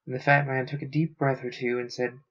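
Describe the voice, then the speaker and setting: A man's voice: mid-range voice, fairly quick. Man reading a novel aloud, lo-fi. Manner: steady narration with small stumbles. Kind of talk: audiobook-style reading. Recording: dull lo-fi sound.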